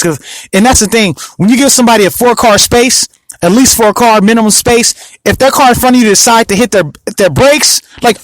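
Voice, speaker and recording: A man's voice: extremely high pitch, a little fast, dry recording, poor audio. A man hosting a podcast, talking in a rambling, emphatic monologue full of restarts and asides to the listener. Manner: rambling, repeats himself, lots of restarts; emphatic, asks the listener often. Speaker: podcast host. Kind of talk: casual monologue.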